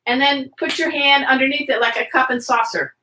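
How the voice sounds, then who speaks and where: A woman guest on a video podcast, teaching pet first aid with an energetic, demonstrative manner. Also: high-pitched, a little fast, noisy background. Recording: roomy echo.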